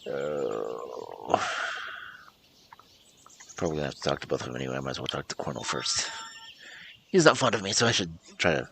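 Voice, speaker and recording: A man's voice: a bass voice, lively intonation, moderate pace, vocal fry, long pauses, fairly bright tone, a little hiss or hum, poor audio. A man streaming a story game, reading the narration aloud and muttering asides to himself.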